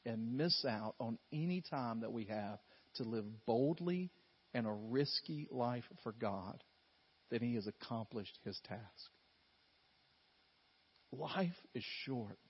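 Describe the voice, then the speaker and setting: Husky preacher, loud then hushed. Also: male voice, medium pitch, muffled recording. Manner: swings from loud emphatic bursts to quiet intimate storytelling. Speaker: pastor. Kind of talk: sermon.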